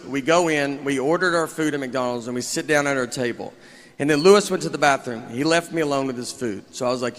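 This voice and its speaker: A man doing a stand-up set, telling stories in a deadpan, rambling way and often restarting his sentences. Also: medium pitch, fast talker. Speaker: stand-up comedian. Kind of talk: stand-up set before a laughing audience.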